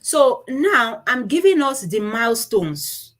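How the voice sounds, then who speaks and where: A woman's voice: on the high side, sing-song, slow pace, fairly bright tone. A woman giving a conference talk with slides, explaining step by step and stopping to correct herself. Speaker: conference speaker on child speech disorders.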